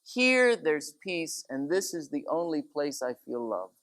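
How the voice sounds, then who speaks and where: A man voicing a gentle ten-year-old boy who speaks earnestly and tenderly. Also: a little high, sing-song, unhurried.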